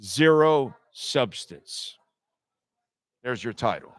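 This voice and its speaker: A man's voice: mid-range voice, animated, very slow, no room sound. A man hosting a sports talk radio show, ranting bluntly and sarcastically with plenty of profanity.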